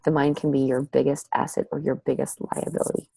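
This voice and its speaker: Husky low-voiced woman coaching enthusiastically. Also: level tone, fast, dark tone, no echo, low-quality recording. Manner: enthusiastic, repeats "you guys" and "seriously". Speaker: team coach leading a training call. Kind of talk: upbeat motivational video call. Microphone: video call.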